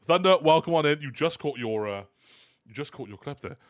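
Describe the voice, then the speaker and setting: Animated, laughing man host. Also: on the high side, a little fast. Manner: animated, laughing, self-mocking. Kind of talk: casual live stream chat.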